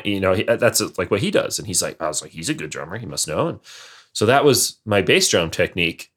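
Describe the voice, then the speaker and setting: A man's voice: low voice, very animated, a little fast, a bit bright, slightly rough. A man co-hosting a podcast, chatting casually and enthusiastically with stumbling restarts. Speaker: podcast co-host. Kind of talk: casual chat.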